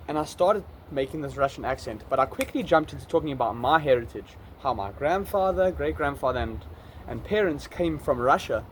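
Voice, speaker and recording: A man's voice: a little high, expressive, normal speed, hardly any pauses, a little hiss or hum. A man with a South African accent talking casually to the camera outdoors in a vlog, rambling and correcting himself as he goes. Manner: chatty, rambling, self-correcting. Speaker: vlogger. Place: outdoors in an urban area.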